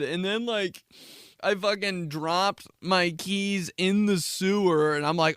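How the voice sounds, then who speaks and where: A man's voice: high voice, moderate pace, a bit bright, smooth, dry recording, clean studio sound. A young man hosting a solo comedy podcast, rambling and swearing, laughing at himself and acting out dramatic reactions. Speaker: podcast host.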